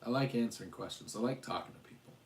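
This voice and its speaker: A man's voice: medium pitch, fast talker. A man in his forties from Utah, hosting a casual livestream chat, rambling and hesitant with many fillers and restarts. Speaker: channel host. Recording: roomy echo.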